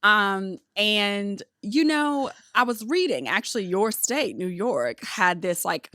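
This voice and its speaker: A woman's voice: mid-range voice, lively intonation, takes it slowly, pushed and bright, dry recording. Woman, podcast host, bubbly, slangy, casual chat, dry close mic. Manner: bubbly, chatty, slang-heavy.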